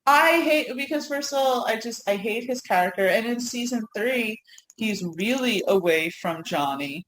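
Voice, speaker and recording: A woman's voice: on the high side, lively intonation, moderate pace, a bit bright. Enthusiastic woman chatting in an echoey room. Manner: enthusiastic, lots of fillers. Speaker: co-host. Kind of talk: casual podcast chat. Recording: echoey room, faint ambience.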